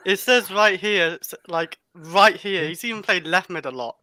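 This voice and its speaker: A man keeps pressing his point in a football argument, backing it with statistics. His voice sits a bit high and sounds bright, in a dry room. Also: measured pace, no room sound. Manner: insistent, cites stats, laughs a lot. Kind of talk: casual football chat.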